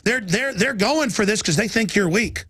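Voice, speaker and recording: A middle-aged man hosting a political talk radio show, ranting urgently and reading headlines aloud in quick bursts. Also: high-pitched, lively intonation, fairly bright tone, slightly rough, dry recording. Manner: urgent, alarmed, rapid-fire ranting.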